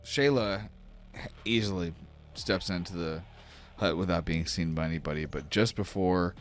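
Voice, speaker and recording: A man's voice: low-pitched, normal speed. A man narrating as game master of a tabletop game, casual with many fillers.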